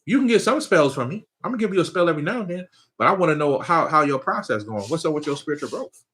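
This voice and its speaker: Animated and quick, with a fairly high, fairly bright voice, a spiritual teacher speaks loosely and casually to his viewers. He laughs often, keeps saying "you know what I'm saying," and regularly asks whether they follow him.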